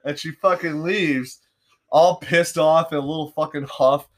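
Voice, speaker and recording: Young guy host, kinda high voice, cussing, doing everyone's lines. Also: unhurried. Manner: animated, swearing, acts out quotes. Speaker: podcast host. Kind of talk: casual storytelling chat.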